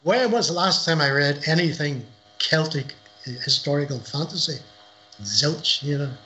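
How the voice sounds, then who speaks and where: A middle-aged man from Northern Ireland speaks as an author guest over a livestream call. His voice is bright and somewhat high for a man, and he rambles through anecdotes with repeated words and restarts. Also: measured pace, a little hiss or hum, low-quality recording. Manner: rambling, repeats words, laughs at own stories. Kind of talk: casual interview chat. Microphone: livestream video call.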